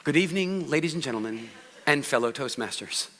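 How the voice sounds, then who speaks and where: A man doing a droning, monotone speaker. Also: mid-range voice, slight background noise, voice pushed down. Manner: slow, flat, sleepy monotone.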